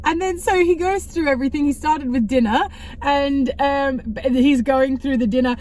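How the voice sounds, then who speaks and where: A woman's voice: high-pitched, moderate pace, darkish tone, slight background noise. A young woman vlogging casually to camera, chatty and rambling with self-correcting asides. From Australia. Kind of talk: casual vlog talk to camera.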